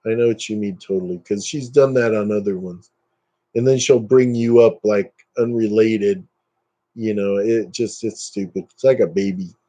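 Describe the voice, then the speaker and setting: Guy on a live stream, low mellow voice, rants and brushes stuff off, gets squeaky when he's fired up. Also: fairly even intonation, normal speed. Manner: ranting, dismissive, jumps up in pitch when worked up. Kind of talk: casual live-stream chat with viewers.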